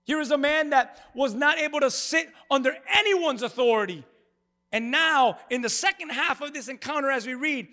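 A male pastor preaching an animated sermon to a congregation and calling for their responses. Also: very high voice, moderate pace. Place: church before a congregation.

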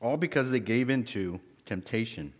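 A man's voice: mid-range voice, expressive, moderate pace, big-room sound. A man giving a children's object lesson, quizzing the kids in a friendly, teacherly way.

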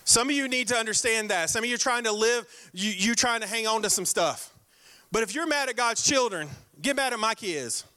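A male pastor delivering a sermon with a high, bright voice. He hammers his points by repeating them and slows way down to read scripture. Between verses he jabs playfully at his listeners. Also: lively intonation. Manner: emphatic, repeats key lines, slows to stress scripture; direct, playful jabs at the congregation.

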